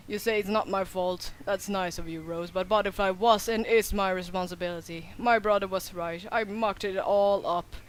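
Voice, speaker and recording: A woman's voice: medium pitch, natural voice. A woman reading game dialogue aloud, voicing a remorseful young man who blames himself for a lost horse. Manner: sheepish, self-blaming.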